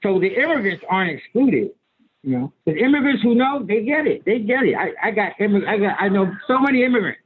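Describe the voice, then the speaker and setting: A man's voice: high voice, sing-song, a little fast, slightly rough. A man in his sixties, an imam speaking as guest on a video call, talking emphatically in a folksy, repetitive way with stammered restarts. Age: 60s. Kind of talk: conversational lecture on a video call. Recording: tinny phone-like audio.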